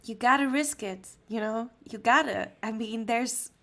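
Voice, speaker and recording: Slow-speaking woman host, attentive. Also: fairly high pitch. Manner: attentive, soft backchanneling listener. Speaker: podcast host. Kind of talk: casual interview chat.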